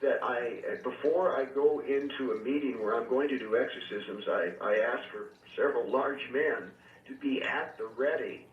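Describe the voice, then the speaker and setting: A man speaks as a reverend and exorcist on a call-in radio show. He recounts his experiences earnestly and at a measured pace, filling gaps with hesitations. His voice comes through a thin, phone-like line that sounds distant and echoey. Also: medium pitch, slight background noise. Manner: earnest, measured, storytelling with frequent fillers.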